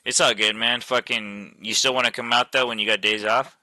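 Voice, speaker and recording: A man's voice: medium pitch, fairly even intonation, brisk, sharp tone, dry recording. A man telling a long story to friends over voice chat, loose and profane, with a lot of "like" fillers, speaking into a headset mic. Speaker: host chatting with friends on voice chat.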